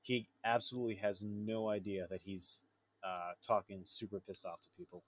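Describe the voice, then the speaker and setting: A man hosting a casual podcast chat with friends, laid-back and quick to laugh. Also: fairly low pitch, fairly even intonation, a bit bright. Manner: laid-back, laughs often, retells scenes. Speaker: podcast host.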